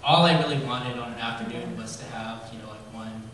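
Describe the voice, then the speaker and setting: A man in his forties giving a eulogy, telling stories about his father in a halting way with many ums. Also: medium pitch, fairly even intonation, very noisy. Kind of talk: eulogy told as personal stories. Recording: very echoey hall, voice from far off, faint ambience.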